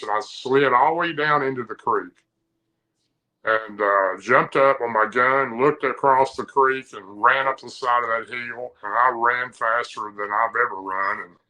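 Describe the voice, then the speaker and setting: A man from Tennessee tells a story in casual, rambling fashion. His voice is bright and forward, and he sits at a middling pitch for a man. His speech is loose and vivid, full of rural phrasing. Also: poor audio. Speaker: podcast guest telling an encounter story.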